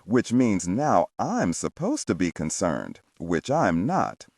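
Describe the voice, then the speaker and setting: A man playing a gruff, bossy police captain. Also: deep voice, wildly swooping pitch, slow, darkish tone, no echo, clean studio sound, full character voice. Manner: blunt, pushy, rhetorical questions.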